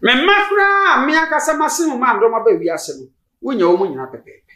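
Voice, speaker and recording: A man's voice: very high voice, lively intonation, fairly quick, pushed and bright. An older man with a Ghanaian accent, a church elder answering interview questions in an emphatic, preacherly way, slipping into English phrases. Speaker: church elder and spiritual leader, guest. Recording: roomy studio sound.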